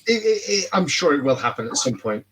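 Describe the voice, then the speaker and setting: A man's voice: fairly high pitch, big pitch swings, fairly quick, fairly bright tone, breathy edge, low-quality recording. A man in casual podcast chat, rambling and repeating words as he talks. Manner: rambling, repeats words, laughs at his own jokes. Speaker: podcast guest.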